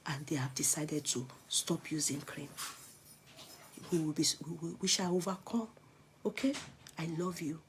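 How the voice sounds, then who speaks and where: A Nigerian woman talking straight to her viewers in a casual vlog. Her voice sits a little low, and she swings between firm, preachy urging and hushed asides. There is a faint hum of ambient noise behind her. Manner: emphatic, preachy encouragement, often dropping to a whisper. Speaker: vlogger selling clothes. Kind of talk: casual live chat to viewers.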